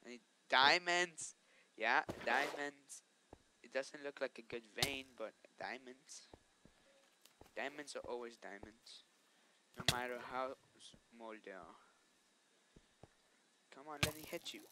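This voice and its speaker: A man's voice: medium pitch, unhurried, pauses often, noisy background. A man giving casual gameplay commentary, chatting to viewers and scolding the monsters aloud. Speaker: let's play host.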